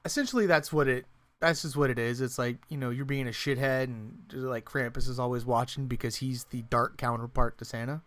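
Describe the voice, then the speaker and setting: A casual podcast co-host who rambles through thoughts, full of fillers, restarts and easy swearing. The voice sits at an ordinary middle pitch and breaks into laughs often. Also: fairly even intonation, brisk, a bit bright. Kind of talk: casual chat about horror movies.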